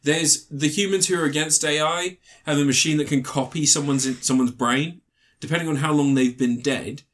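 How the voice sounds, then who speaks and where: A man's voice: fairly high pitch, steady tone, normal speed. A man co-hosting a podcast, reviewing a film in casual, rambling chat and swearing freely. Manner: rambling, swears freely, acts out film characters in mocking voices. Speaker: podcast co-host.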